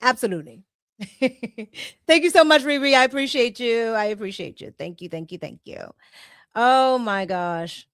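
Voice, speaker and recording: A woman's voice: a little high, moderate pace, a bit bright, clean tone, no echo, studio quality. A woman hosting a casual livestream, chatting, reading super chats aloud and laughing often. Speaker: livestream host.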